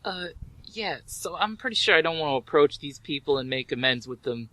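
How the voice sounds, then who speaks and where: A man's voice: fairly high pitch, lively intonation, brisk, dry recording. A man playing a tabletop game, talking casually and apologetically in character. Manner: bright, apologetic in-character talk. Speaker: player. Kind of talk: casual tabletop role-play.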